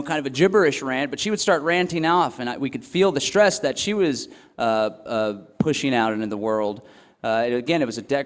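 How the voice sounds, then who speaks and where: Earnest young man speaking in a hall. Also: medium pitch. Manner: earnest, reflective, frequent ums and restarts. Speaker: festival speaker. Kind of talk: talk to a live audience. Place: event hall or tent. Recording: long hall reverb.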